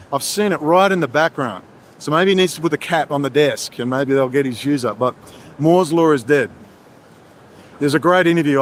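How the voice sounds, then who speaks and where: A man hosts a livestream and rants heatedly, with a sarcastic edge that keeps jumping between subjects. His voice sits a little high for a man. Faint outdoor noise from the city comes through behind him. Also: a bit bright. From Australia. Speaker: livestream host. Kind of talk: ranting livestream monologue.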